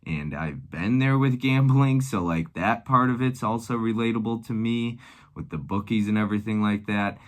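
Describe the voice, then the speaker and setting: A man in his thirties, a movie-collector vlogger, chats casually and eagerly about his favorite films, rambling with plenty of fillers. His voice sits on the low side at a normal speed.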